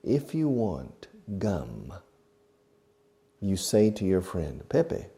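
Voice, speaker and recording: A man teaching English to beginners, explaining slowly and repeating key words with short asides. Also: low-pitched, huge pitch swings, warm tone. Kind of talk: slow classroom explanation to learners.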